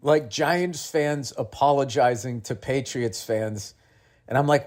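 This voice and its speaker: A man, hosting a podcast in a loud, exasperated comedic rant full of swearing. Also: medium pitch, takes it slowly. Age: 50s. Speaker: podcast host. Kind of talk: comedic ranting monologue.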